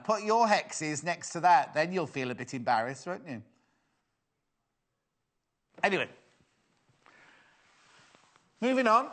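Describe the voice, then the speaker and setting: A man's voice: a little high, pushed and bright. A middle-aged man presenting live sales on TV, chatty and teasing as he banters with his crew. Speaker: shopping channel presenter.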